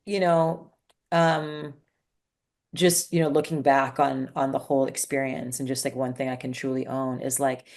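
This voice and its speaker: A woman's voice: very deep voice, normal speed. A woman entrepreneur talking candidly in a casual interview, full of "like" and "you know". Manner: candid, animated, many fillers like "like" and "you know". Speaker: entrepreneur guest.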